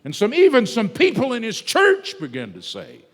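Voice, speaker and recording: Preacher in an echoing hall. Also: male voice, very high-pitched, wildly swooping pitch. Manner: dramatic swings in loudness, drawn-out emphatic words. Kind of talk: sermon. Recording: long reverb of a large hall.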